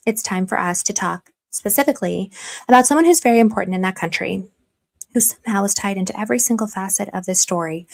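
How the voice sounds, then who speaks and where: A young woman hosting a casual live stream, chatting freely, reading comments and teasing her viewers with mock stern warnings. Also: medium pitch. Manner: chatty and self-deprecating, reads chat aloud, slips into mock stern warnings. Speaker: livestream commentary host.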